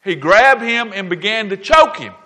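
A man's voice: high-pitched, lively intonation, normal speed, sharp tone. A man preaching a sermon, retelling a parable with emphatic repeated phrases and frequent "all right?" check-ins with his listeners. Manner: emphatic, repeats key lines, checks in with the audience. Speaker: pastor.

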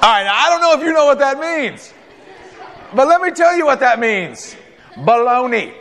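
A man preaching a sermon as a guest preacher, telling a story in an animated, conversational way with quick asides and acted-out quotes. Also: very high voice, in a large hall, a faint crowd. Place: church sanctuary.

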